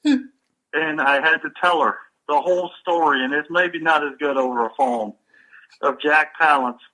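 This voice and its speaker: A man's voice: fairly high pitch, normal speed, bright, forceful tone, rough recording. A man who is a podcast guest, telling anecdotes with animation in a casual chat.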